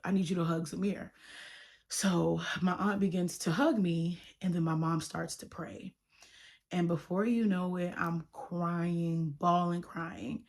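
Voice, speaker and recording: A young woman telling a personal faith story to camera in a casual, animated way, acting out the dialogue. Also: on the low side. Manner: animated, quotes others in dialogue, addresses viewers as y'all. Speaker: YouTuber sharing her testimony.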